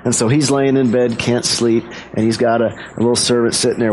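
A man delivering a sermon as a pastor, talking through an old story in a casual, conversational tone. His voice is mid-pitched and plain, with faint background noise. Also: flat delivery, fairly quick, a little mellow, poor audio.

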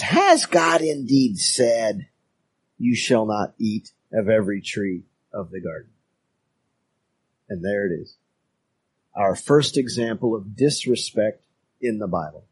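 A man preaching a sermon as a pastor, talking in a measured way with pauses and emphatic phrases. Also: medium pitch, a little mellow, slight background noise.

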